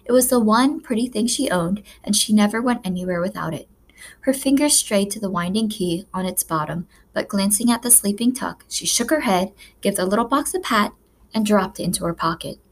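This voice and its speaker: A woman reading a children's novel aloud as a narrator, with measured, expressive storytelling. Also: medium pitch. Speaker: audiobook narrator. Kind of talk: scripted narration.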